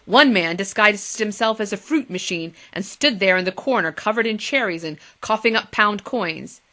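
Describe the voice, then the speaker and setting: A woman teacher reading a storybook aloud to her class with expressive, lively delivery. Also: mid-range voice, normal speed.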